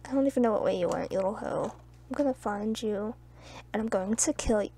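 A woman's voice: medium pitch, fast talker. A young woman chatting casually while playing a video game with friends, teasing and trash-talking with bursts of laughter. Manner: playful trash talk with loud laughs. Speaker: gamer. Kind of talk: casual gaming chat.

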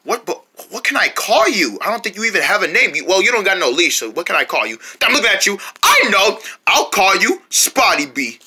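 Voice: medium pitch, sing-song, a little fast, hardly any pauses, pushed and bright, husky. A performer in a homemade comedy skit talks to a stray puppy in a playful, chatty and affectionate way.

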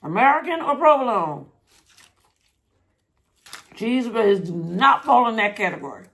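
In a casual eating vlog, a woman talks to viewers between bites and laughs a lot. She's a mukbang vlogger with a fairly high, sing-song voice, a fairly bright tone and a measured pace.

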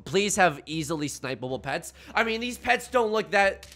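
A man giving casual, jokey commentary while playing a game, with sudden loud outbursts. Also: high voice, very animated, normal speed. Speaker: gaming YouTuber.

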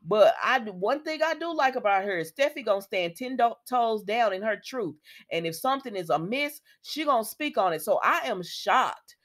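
A woman's voice: mid-range voice, animated, normal speed, fairly bright tone. A woman giving a casual, chatty recap of a soap opera episode. She talks straight to her viewers and acts out the characters as she goes.

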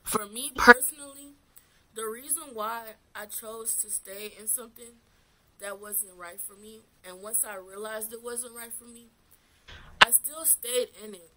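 A woman's voice: a little high, fairly even intonation, measured pace, background noise. A young woman vlogging casually while getting ready, giving candid advice from personal experience and calling the viewer sis. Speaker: beauty vlogger. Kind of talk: casual get-ready-with-me chat.

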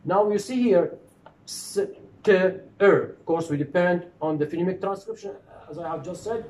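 A man's voice: high voice, normal speed, darkish tone. A man lecturing on phonetics, repeating himself and answering his own questions. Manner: repetitive, asks questions and answers them. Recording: echoey room with faint noise.

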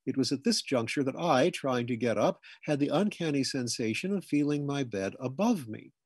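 A man narrates a comic memoir with a slightly husky, breathy tone and a middle-pitched voice. The sound is close and dry, with no room around it. He reads steadily and shifts into loud, high shouts whenever he quotes someone. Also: lively intonation, normal speed, no room sound. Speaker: audiobook reader. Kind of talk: scripted narration of humorous memoir.

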